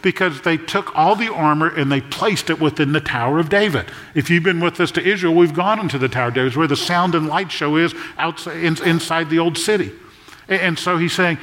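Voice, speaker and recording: A man's voice: a little high, a bit bright. Older male pastor in an echoing hall. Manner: conversational storytelling with jokes and quick asides. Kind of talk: sermon. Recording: long echo of a large hall.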